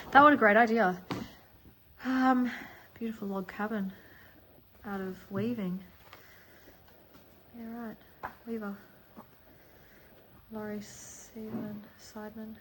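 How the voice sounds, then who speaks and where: A middle-aged woman chatting casually in a vlog, gushing excitedly over her finds. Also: medium pitch, unhurried, long pauses, noisy background. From Australia. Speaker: vlogger. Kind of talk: casual chat.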